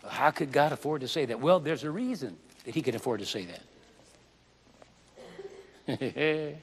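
A man delivers a sermon in a slightly high voice, slowing down on key words for dramatic emphasis. He breaks it up with joking asides. His voice rings out with a long reverb in a large hall. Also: lively intonation, a little hiss or hum. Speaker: preacher.

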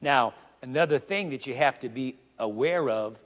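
Emphatic preacher man in a reverberant hall. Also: mid-range voice. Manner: emphatic, rising to loud stressed phrases, slows down on scripture. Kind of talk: sermon. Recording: long reverb of a large hall.

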